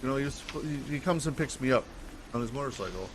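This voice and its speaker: A man's voice: medium pitch, lively intonation, fast talker, slight background noise, close to an everyday voice, rough recording. A man voicing a worried young woman who rambles anxiously in a tabletop game. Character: worried young woman waiting for her boyfriend.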